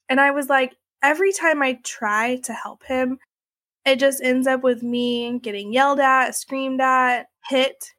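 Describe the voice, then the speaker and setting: High-voiced young woman telling her story. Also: fairly even intonation, measured pace, fairly bright tone. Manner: conversational, many fillers like "like" and "you know". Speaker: interviewee recounting her experience. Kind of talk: emotional personal storytelling.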